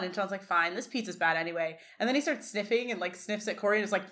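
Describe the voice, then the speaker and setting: A woman's voice: mid-range voice, animated, fast talker, few pauses, a bit bright. A woman co-hosting a podcast, chatting casually and recapping scenes with lots of fillers. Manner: chatty, many fillers, reads quotes aloud. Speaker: podcast co-host.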